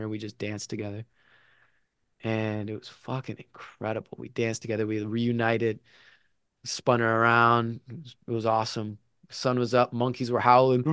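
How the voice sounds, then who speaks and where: A man tells a personal story in a loose, comic way, swearing freely and swinging between loud bursts and hushed asides. His voice sits at an ordinary middle pitch. The sound is dry and close, with no room echo. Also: smooth.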